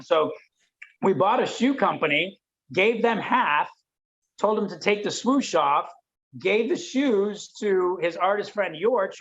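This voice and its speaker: A man from Detroit, a podcast guest telling a story in a lively way and acting out the voices of people he quotes. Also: high-pitched, muffled recording. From Detroit, USA. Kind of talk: animated storytelling.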